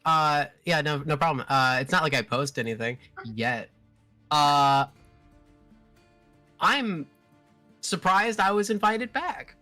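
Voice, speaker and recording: Wry, lively man joking about himself. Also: on the high side, takes it slowly, pauses often, soft background music. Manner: wry, self-deprecating. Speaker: player. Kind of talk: casual chat.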